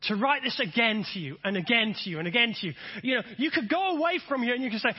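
A man's voice: very high voice, animated, fast, few pauses, breathy edge, lo-fi sound. A middle-aged man preaching a sermon in an emphatic way, repeating phrases and having the congregation say them back.

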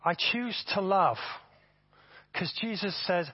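A man preaching a sermon to his congregation, animated and often repeating words as he builds his points. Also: sits high, normal speed, husky, no echo. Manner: animated, repeats words, acts out voices for effect. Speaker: pastor. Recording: dull, dry sound.

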